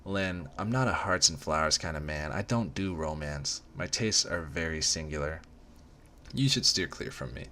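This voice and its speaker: A brooding, controlling rich young man, played by a man in an amateur dramatic reading. His very deep voice stays low and hushed, smooth and quiet. A faint hiss of background noise sits under it. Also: animated, moderate pace, heavily acted.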